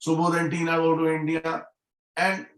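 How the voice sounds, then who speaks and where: A middle-aged man delivers a motivational talk over a video call. His voice sits a little high and he hammers home points by repeating key phrases. The sound is echoey, as from a bare room. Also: completely flat delivery, moderate pace, a bit bright. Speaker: guest speaker at a business meeting.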